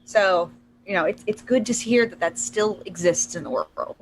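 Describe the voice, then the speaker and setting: A woman's voice: mid-range voice, normal speed, slight background noise. A woman co-hosting a casual podcast chat, explaining things and often laughing. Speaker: podcast co-host.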